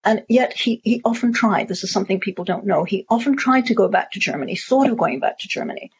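A woman's voice: mid-range voice, fast, slightly rough. A woman answering audience questions at a talk, discursive, with many fillers and restarts. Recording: muffled lo-fi audio.

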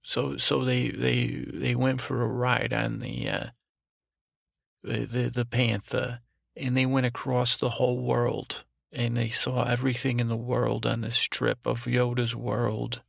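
A man playing a gravelly rambling old grandma. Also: mid-range voice, completely flat delivery, measured pace, no echo, studio quality. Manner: meandering, trails off, frequent restarts and "I don't know". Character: rambling overprotective old grandmother, cranky and suspicious. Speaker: podcast host. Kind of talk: comic improvised monologue.

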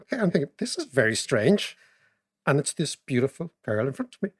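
A man, co-hosting a podcast, telling stories and explaining economics in an animated way, laughing as he goes. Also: medium pitch, fairly quick, slightly rough. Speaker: podcast co-host. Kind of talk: casual storytelling and economics chat.

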